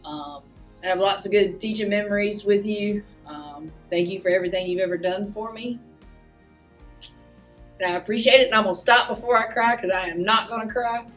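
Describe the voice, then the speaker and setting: Slow, teasing woman in her forties. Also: medium pitch, fairly bright tone, faint music behind. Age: 40s. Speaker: teacher. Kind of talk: tribute message.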